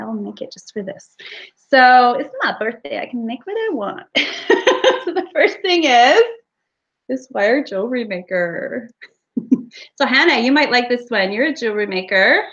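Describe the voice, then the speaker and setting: On dull, lo-fi stream audio, a soap maker chats and giggles while demonstrating her craft live. Her voice is on the high side and a bit bright, and she tells stories in a loose, rambling way.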